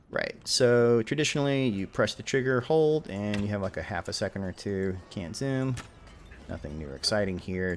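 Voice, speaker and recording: A man's voice: lowish voice, a little hiss or hum. A man giving casual, rambling commentary while streaming a video game, joking with his chat. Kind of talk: live gameplay commentary.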